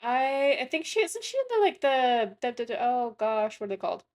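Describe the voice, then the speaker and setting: A young woman talks casually over her gameplay in a somewhat higher voice. She rambles, trails off, and restarts her sentences, filling the gaps with plenty of ums. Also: big pitch swings, fairly quick, a little mellow. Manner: rambling, chatty, frequent self-corrections and fillers. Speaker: gaming content creator.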